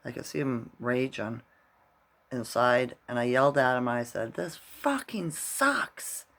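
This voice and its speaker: A man's voice: mid-range voice, level tone, moderate pace, fairly bright tone. A middle-aged man vlogging casually, rambling through a story and tagging his sentences with "right?".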